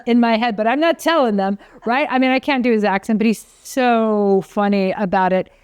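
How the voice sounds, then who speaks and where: A woman's voice: a little high, normal speed, smooth, dry recording. A woman chef co-hosting a podcast, telling rambling family food stories in casual chat. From from an Italian American family. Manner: chatty, animated storyteller, trails off mid-sentence.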